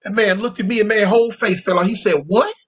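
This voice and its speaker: A man's voice: high voice, fast, husky. A man telling a prison story in casual slang, acting out the people he quotes. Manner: slangy, animated, acts out quoted voices. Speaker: storyteller recounting prison life.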